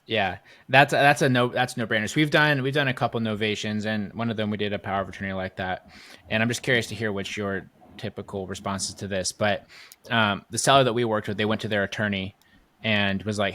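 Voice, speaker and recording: Fast-talking low-voiced male podcast host. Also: steady tone, sharp tone, a little hiss or hum. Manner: quick, conversational questions with short agreements. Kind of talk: casual interview chat.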